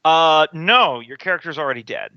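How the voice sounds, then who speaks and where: A man's voice: on the high side, animated, moderate pace, bright, forceful tone, smooth, dry recording, highs cut off. A man running an online tabletop game as game master, patiently explaining the rules with frequent restarts.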